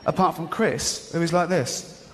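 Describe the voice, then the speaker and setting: A man's voice: fairly high pitch, a little slow, noisy background. A man doing stand-up, telling a story and acting out the voices of the people in it. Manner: animated, acts out voices, laughs often. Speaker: stand-up comedian. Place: large hall before a live audience. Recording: live hall recording with audience.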